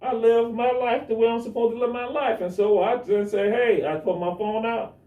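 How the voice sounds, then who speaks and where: A man's voice: extremely high pitch, steady tone, moderate pace, phone-quality sound. A man animatedly retelling a traffic stop, acting out the dialogue, as a guest on a talk show. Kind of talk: animated storytelling. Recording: echoey room, mic at a distance.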